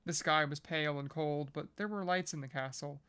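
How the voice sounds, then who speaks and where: A reader reading a classic novel aloud in a smooth, resonant voice. The delivery is measured and steady at a mid pitch, with the occasional casual, joking aside. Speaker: podcast reader.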